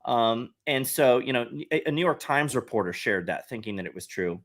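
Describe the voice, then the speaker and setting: Lively intonation marks this man's mid-range voice, and his pace is moderate. Appearing as a guest on a casual podcast, the satire site head explains things earnestly and at length, frequently starting over mid-thought.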